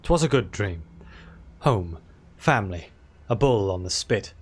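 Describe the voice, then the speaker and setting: A gruff, bearded clan war chief from a fantasy game, voiced by a man, speaking in a low, weary voice. He sounds worn out and wistful, dropping his tone deeper than ordinary talk. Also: animated, unhurried.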